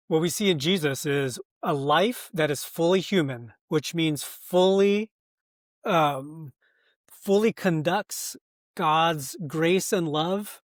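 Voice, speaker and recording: An American man speaks as a guest in a podcast conversation, earnest and reflective, pausing and restarting as he thinks. His voice sits a little higher than most men's. The sound is dry and close, with no room echo. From United States. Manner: thoughtful, earnest, many fillers and restarts, laughs often. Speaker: pastor and author, guest.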